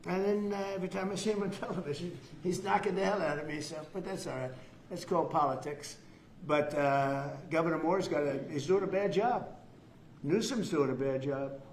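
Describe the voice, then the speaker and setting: An older man giving rambling, boastful off-the-cuff remarks to the press, repeating himself. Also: a little high. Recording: echoey room with faint noise.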